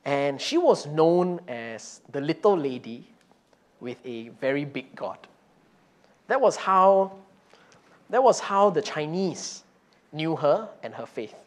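A man's voice: on the high side, slow pace, long pauses. Man preaching a chatty, story-filled sermon. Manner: relaxed, frequent "you know" fillers and restarts. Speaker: pastor.

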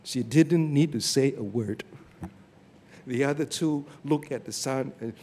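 A man preaching a sermon on a Bible passage, telling stories in an animated way and often checking in with "okay?" and "you see". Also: mid-range voice, a little slow.

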